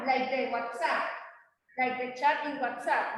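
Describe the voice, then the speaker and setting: A woman's voice: sits high, takes it slowly, pauses often, sharp tone. A woman teaching English in a classroom, leading repeat-after-me drills and coaxing her students along. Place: classroom, indoors. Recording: echoey classroom from far off.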